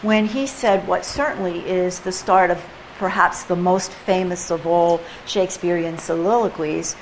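Chatty, animated woman leading a poetry workshop. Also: lowish voice, unhurried, few pauses, a little hiss or hum, rough recording. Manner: chatty, animated, playful, mimics rhythms aloud. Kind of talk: informal teaching to a group. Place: room with a live group.

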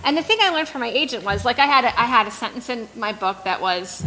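A woman's voice: mid-range voice, fast talker, vocal fry, hardly any pauses, bright, forceful tone, slight background noise, rough recording. A woman, a debut novelist, speaking candidly to an audience at a bookstore event, chatty and frank with many fillers. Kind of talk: candid talk at a book event.

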